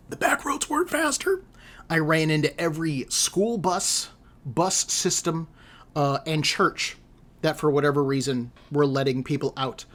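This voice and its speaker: Exasperated man telling a rambling story. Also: on the high side. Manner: rambling, exasperated, self-deprecating. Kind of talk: casual storytelling chat.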